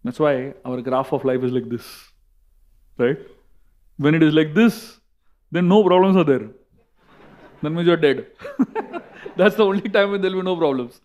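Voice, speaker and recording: Man, Indian English accent, high voice, lively storytelling sermon, emphatic repetition. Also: normal speed, pauses often, lo-fi sound. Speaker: monk and speaker.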